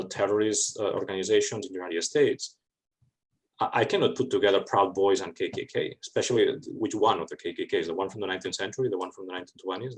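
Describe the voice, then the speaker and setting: Male guest lecturer, lowish voice, wry and animated, restarts often. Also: low-quality recording. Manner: lively, wry, quick restarts. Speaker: guest speaker. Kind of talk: academic talk Q&A.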